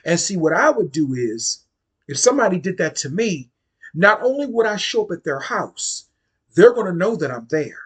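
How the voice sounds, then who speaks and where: A husky, slightly breathy vlogger in his forties from the Washington, D.C. area tells a personal story to camera in a casual monologue. His pitch swings widely and he's very animated at a normal speed, blunt and profane, repeating phrases to hammer points home.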